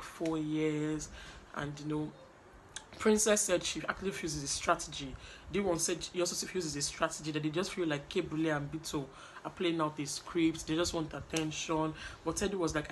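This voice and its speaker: A woman's voice: low voice, a little hiss or hum. A young Nigerian woman with a gossipy, chatty manner, recapping a reality show and acting out what the contestants said. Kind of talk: animated casual recap with acted quotes.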